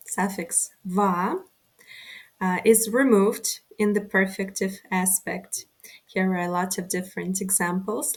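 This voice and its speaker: Woman, slow and careful, language teacher, online lesson. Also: mid-range voice. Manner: slow, careful, pronounces Russian examples deliberately.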